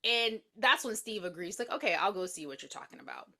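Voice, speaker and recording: A woman's voice: medium pitch, brisk. A woman co-hosting a casual movie recap podcast, acting out the characters' lines as she retells scenes. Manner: animated, acts out characters' lines. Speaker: podcast co-host.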